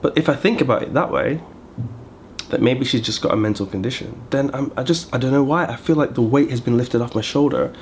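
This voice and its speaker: A man's voice: mid-range voice, a little fast, slight background noise. A man vlogging in casual chat to camera, rambling and thinking aloud as he goes.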